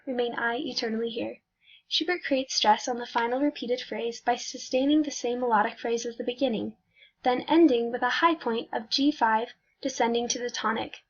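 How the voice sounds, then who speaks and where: A woman reading a prepared music analysis aloud, careful and measured, with small slips. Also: fairly high pitch. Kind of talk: read academic music analysis. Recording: dull lo-fi recording.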